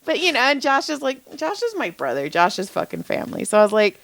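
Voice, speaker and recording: A woman's voice: on the high side, huge pitch swings, fast, gravelly, a bit bright, no room sound. A woman co-hosting a podcast, telling stories bluntly and swearing a lot. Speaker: podcast co-host. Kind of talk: casual chat.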